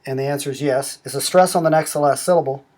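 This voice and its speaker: A middle-aged man walking through a language-learning app step by step, explaining rules slowly and methodically. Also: medium pitch, a little mellow. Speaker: app demonstrator. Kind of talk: screen-recorded app tutorial.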